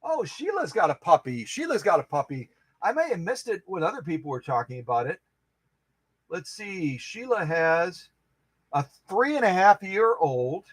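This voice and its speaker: A man with a high voice hosts a sewing machine live stream at a moderate pace, chatting casually with viewers in an animated way, exclaiming and joking. The recording has no room sound.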